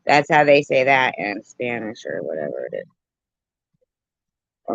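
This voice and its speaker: A woman livestreamer telling a story and joking with her viewers in an animated, playful way, on a dull, dry lo-fi recording. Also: a bass voice, gravelly, dry recording. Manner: animated, jokey, slow and drawn out. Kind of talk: casual storytelling and chat.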